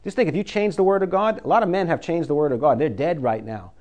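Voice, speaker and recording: A man's voice: a little high, quick pace, a little mellow. A man preaching a sermon, folksy and conversational, reading scripture and pressing his listeners with urgent emphasis.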